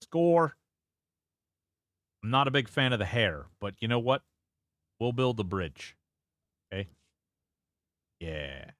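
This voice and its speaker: A man's voice: on the low side, sing-song, a little slow, pauses often, a bit bright, dry recording. A man streaming a game and chatting casually, rambling and reacting as he plays, swearing freely into a close desk mic. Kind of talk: casual live-stream gameplay commentary.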